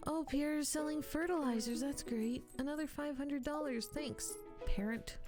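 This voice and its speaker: A woman's voice: high-pitched, slow pace, music in the background. A woman streaming a game, chatting casually to her viewers and to the game, self-mocking and laughing often. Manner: talks to chat and to the game. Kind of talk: casual live-stream chat while playing.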